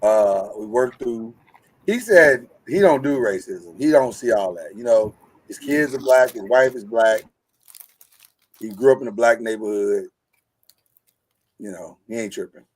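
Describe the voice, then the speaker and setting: A man hosting a podcast in casual chat, animated and joking, with preacher-like flourishes. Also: mid-range voice, a little slow, long pauses, husky, rough recording. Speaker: podcast host.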